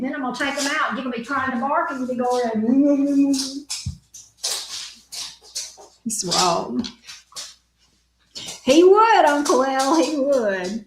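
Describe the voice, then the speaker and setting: A woman's voice: sits high, slight background noise. A woman who hosts a tarot channel. She chats casually and teasingly with viewers and her dog. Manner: playful, teasing, joking. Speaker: tarot reader, channel host. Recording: echoey room.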